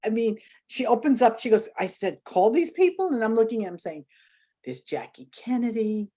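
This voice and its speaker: Older woman telling lively anecdotes. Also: fairly high pitch, moderate pace, husky. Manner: animated anecdotes, acts out quotes, laughs often. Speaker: interview guest. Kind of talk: casual storytelling interview.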